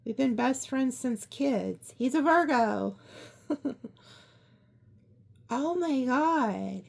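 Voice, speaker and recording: A woman giving a casual tarot card reading, chatty and excitable, often gasping. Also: high-pitched, extremely slow, gravelly. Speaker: tarot reader.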